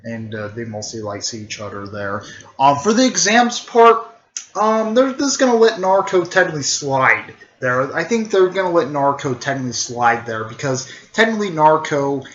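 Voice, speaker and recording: A man retelling a fan story in a rambling, halting way, full of fillers and restarts. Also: on the high side, sing-song, a bit bright, highs cut off. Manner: halting, filler-heavy, repeats "technically" and "there".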